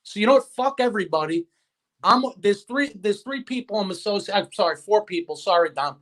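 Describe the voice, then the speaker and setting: A man's voice: sits high, lively intonation, brisk, a bit bright. A man in casual chat as a guest, venting with heated, profane talk and retelling conversations.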